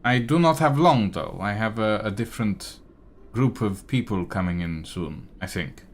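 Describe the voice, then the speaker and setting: A man voicing a tall, robed bugbear magister in a tabletop game, courteous but halting and distracted. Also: fairly low pitch, lively intonation, slight background noise.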